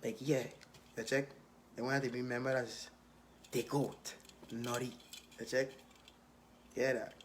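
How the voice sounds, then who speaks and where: A man's voice: mid-range voice, little pitch movement, a little slow, long pauses, a little hiss or hum. A young man with a Virgin Islands accent, a rapper casually reading out and answering questions in a streetwise, laid-back way.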